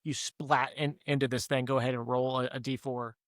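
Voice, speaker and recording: A man's voice: medium pitch, level tone, fairly quick, no echo. A man narrating as game master of a tabletop horror game, often restarting his words as he explains the scene.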